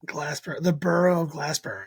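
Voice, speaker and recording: A man's voice: on the high side, lively intonation, fairly quick, vocal fry, slightly rough, no echo. A man co-hosting a podcast in casual chat, ranting emphatically and critically, often restarting his sentences. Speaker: podcast co-host.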